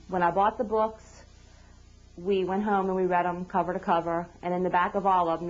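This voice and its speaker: A woman, a mother of a newborn, speaking candidly and from the heart about her experience, with restarts. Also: lowish voice. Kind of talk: personal testimony. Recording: dull lo-fi video sound.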